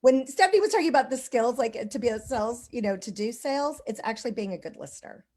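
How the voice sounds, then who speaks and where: Higher-voiced female host, rambling anecdotal delivery, casual online talk. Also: expressive, fast talker, a little mellow. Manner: rambling storyteller, lots of "like" and "you know". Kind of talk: casual conversation.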